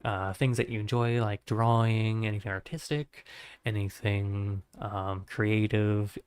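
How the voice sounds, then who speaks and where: A man's voice: lowish voice, level tone, measured pace, darkish tone, clear, resonant tone, dry recording. A man streaming his art session, chatting loosely with lots of fillers and signing off to viewers, his voice strained and tired. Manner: rambling, filler-heavy, friendly. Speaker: art livestreamer. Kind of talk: casual stream sign-off chat.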